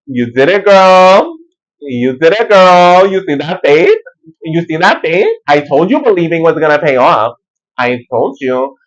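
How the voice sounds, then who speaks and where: A man's voice: mid-range voice, fast, slightly rough, lo-fi sound, lightly acted. A man voicing a loving, encouraging Jesus figure who cheers the listener on in casual slang. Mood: cheering. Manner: warm, hyping, slangy.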